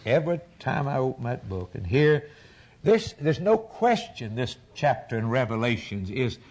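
A man's voice: medium pitch, big pitch swings, moderate pace, darkish tone, slightly rough. Older man, preacher, sermon, fervent, rising and falling intensity. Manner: preaching with rising fervor and sudden drops.

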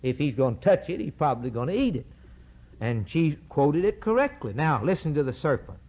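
A male preacher works through a Bible passage in an emphatic sermon. His voice sits a little high and moves with lively swings of pitch, driving points home with repetition. The recording is dull and lo-fi. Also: a little fast, slightly rough. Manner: emphatic, repetitive, rhetorical questions.

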